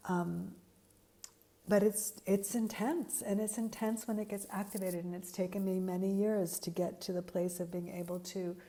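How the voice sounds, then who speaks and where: A woman's voice: fairly low pitch, creaky, warm tone. A woman giving an earnest, reflective spiritual talk, searching for words with frequent fillers and restarts. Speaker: spiritual teacher.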